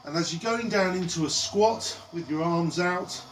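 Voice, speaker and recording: High-voiced man leading gentle stretches. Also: normal speed, a little hiss or hum. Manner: playful, names each stretch after a football player. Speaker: exercise instructor. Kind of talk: home stretching tutorial. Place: indoors at home. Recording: echoey room, mic at a distance.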